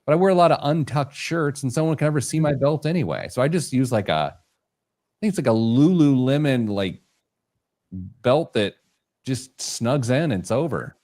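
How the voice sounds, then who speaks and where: A man's voice: medium pitch, expressive, moderate pace, a little mellow. A man hosting a casual podcast, joking at his own expense and tripping over his words. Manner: jokey, self-deprecating, stumbles over words. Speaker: show host.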